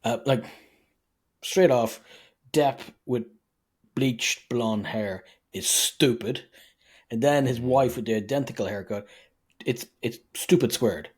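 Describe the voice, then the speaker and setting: Male podcast co-host, husky mid-pitched voice, sarcastic exasperated film rants. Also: takes it slowly, long pauses, a little mellow. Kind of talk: casual film review chat.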